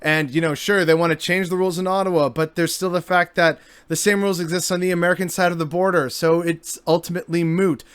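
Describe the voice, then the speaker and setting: A man's voice: high-pitched, little pitch movement, quick pace, few pauses, fairly bright tone, smooth, dry recording. A man delivering an exasperated, sarcastic commentary monologue as a vlogger.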